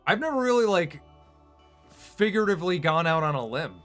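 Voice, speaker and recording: A man's voice: high voice, big pitch swings, a little fast, fairly bright tone, soft background music. Rambling man chatting on stream. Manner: rambling, self-deprecating, many fillers. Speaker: streamer and animator. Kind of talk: casual livestream chat.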